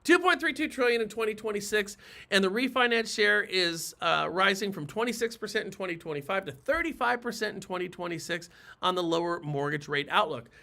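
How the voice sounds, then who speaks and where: A man's voice: high voice, lively intonation, fairly quick, gravelly, bright, forceful tone. A man hosting a real estate talk show, speaking emphatically and persuasively, repeating points for stress. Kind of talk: opinionated talk to camera.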